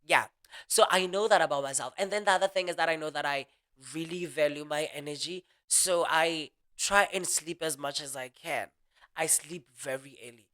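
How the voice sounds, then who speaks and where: A speaker hosting a motivational audio talk in a casual, earnest monologue, talking quickly and restarting sentences often. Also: mid-range voice. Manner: quick, animated speech with frequent restarts; earnest and reflective.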